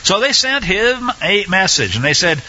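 A man teaching a Bible study in a conversational way, often pausing with fillers and restarting his sentences. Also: high voice, big pitch swings, bright, forceful tone, highs cut off, slight background noise.

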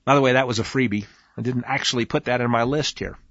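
A man giving a conversational Bible teaching, animated and emphatic, speaking straight to his listeners. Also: medium pitch, fast, dry recording. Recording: dull lo-fi dry recording.

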